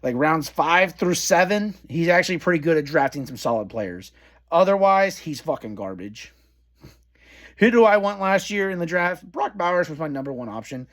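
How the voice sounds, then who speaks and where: Angry swearing man with a lively pitch. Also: moderate pace. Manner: frustrated, swearing heavily. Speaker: sports fan vlogger. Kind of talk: angry fan rant.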